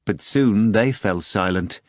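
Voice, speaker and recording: Brief: male audiobook narrator, lowish pitch, dry studio read, measured. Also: no echo. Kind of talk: scripted narration.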